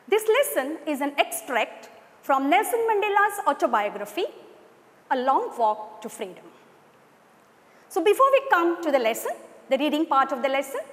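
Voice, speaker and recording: Woman, Indian English accent, teacher, animated, reverberant room. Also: high-pitched. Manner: animated, explanatory, addresses students directly. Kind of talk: recorded online lesson.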